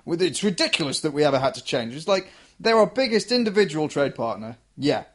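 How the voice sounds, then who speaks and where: A man's voice: on the high side, sing-song, a little fast. A man co-hosting a podcast in casual, blunt, sarcastic chat, swearing freely.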